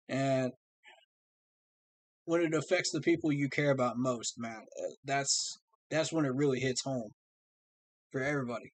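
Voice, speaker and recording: A man with a medium-pitched voice speaks at a moderate pace, pausing often, with no room sound. Hosting a fan livestream, he addresses his viewers earnestly and from the heart.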